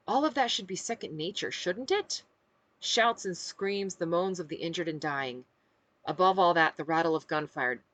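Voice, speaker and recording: A woman author reading her own novel aloud with expressive, animated narration. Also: low voice, dry recording.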